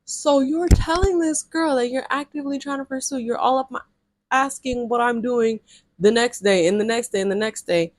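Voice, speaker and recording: A woman's voice: fairly high pitch, moderate pace, no room sound. A young adult woman, blunt and sassy, telling a dating story casually to her viewers with slang and strong reactions. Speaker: storytime vlogger.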